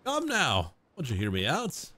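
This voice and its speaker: A man voicing a haughty, self-important would-be nobleman of thirty-five while reading game dialogue aloud, in a grandiloquent, drawn-out theatrical delivery. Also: mid-range voice, wildly swooping pitch, pushed and bright, husky, heavily acted.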